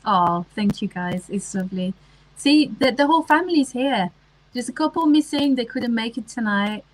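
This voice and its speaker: A woman's voice: a little high, animated, moderate pace, no room sound, rough recording. A woman, chatting casually on a livestream and answering comments, with lots of ums and restarts. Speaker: livestream host.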